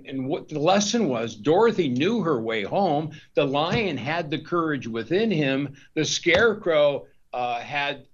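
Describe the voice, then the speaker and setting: Rambling man on a dull lo-fi line. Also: fairly high pitch. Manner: rambling, with frequent restarts and repeated words. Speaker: guest author. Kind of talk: discursive interview talk.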